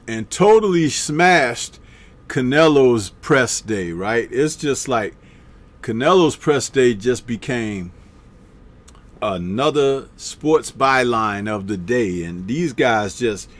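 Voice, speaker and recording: A man hosts a live boxing talk stream in a slow, unhurried drawl. He reads out viewer comments one by one and answers them with easygoing, chuckling asides. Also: mid-range voice, lively intonation. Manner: laid-back, drawn-out, chuckling asides.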